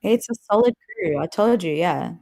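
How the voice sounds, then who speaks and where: A woman's voice: lowish voice, expressive, moderate pace, creaky, warm tone. Chatty woman streamer who laughs a lot. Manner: chatty, laughs often, greets chat viewers. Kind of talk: casual live-stream chat while gaming.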